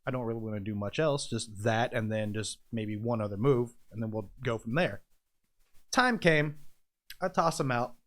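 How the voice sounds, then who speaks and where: A podcast guest who is an independent wrestler tells a story in a casual chat, speaking at normal speed with a medium-pitched voice. He acts out the scenes with quoted voices and sound effects, laughing often.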